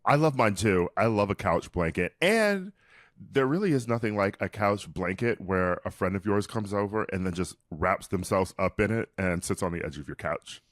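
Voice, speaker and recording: Playful lower-voiced man, dry mic. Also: animated, normal speed, no echo. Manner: playful, giggly gossip. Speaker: podcast host. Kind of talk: casual chat and ad reads.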